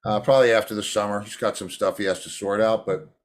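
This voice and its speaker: A man's voice: on the low side, steady tone, quick pace. Easygoing man chatting casually. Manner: easygoing, many fillers. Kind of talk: casual chat.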